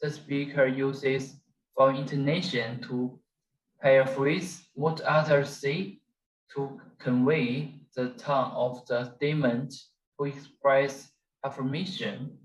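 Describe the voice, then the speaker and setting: A young man, a student, reading out a scripted class presentation at a steady pace. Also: mid-range voice, slow, echoey room, rough recording.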